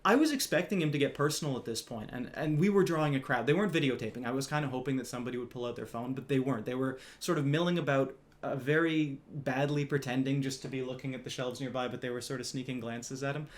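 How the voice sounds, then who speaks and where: A man's voice: mid-range voice, quick pace, few pauses. A man casually telling a story from his retail job, wry and conversational, a little smug, swearing now and then.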